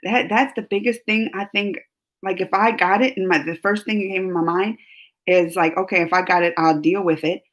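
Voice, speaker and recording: Reading live chat on her reaction channel, an adult woman who is married with a family chats emotionally with her viewers, teary and laughing between worries. Her voice is fairly low, a bit bright, fairly even in intonation, and a little fast.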